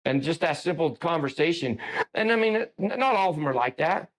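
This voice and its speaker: A man's voice: fairly high pitch, animated, a little fast. Male podcast host, casual storyteller, loose delivery full of restarts. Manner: rambling storyteller with many restarts. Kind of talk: casual interview conversation.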